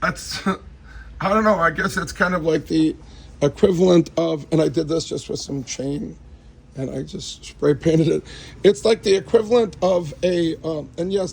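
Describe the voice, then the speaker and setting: Guy with a gravelly, slightly high voice, rambling and joking through a messy room tour. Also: moderate pace, low-quality recording. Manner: joking, rambling, addresses a friend directly. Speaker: vlogger giving a tour. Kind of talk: rambling casual tour talk.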